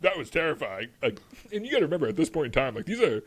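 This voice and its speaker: A man's voice: a little high, big pitch swings, racing, breathy edge. A man co-hosting a casual history podcast, telling the story in a loose, rambling way, full of "like" and frequent laughs. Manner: rambling, lots of "like", laughs often. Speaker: podcast co-host.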